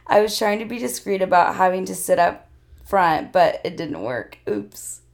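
Hoarse young woman with a gravelly low voice. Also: sing-song, normal speed. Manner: chatty, lots of fillers, laughs often. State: hoarse, voice worn out. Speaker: podcast co-host. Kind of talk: casual chat.

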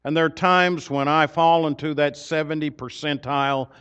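Measured preacher man, dull lo-fi sound. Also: on the high side, fairly even intonation, fairly bright tone, clear, resonant tone. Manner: measured, deliberate delivery with long pauses. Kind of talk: sermon.

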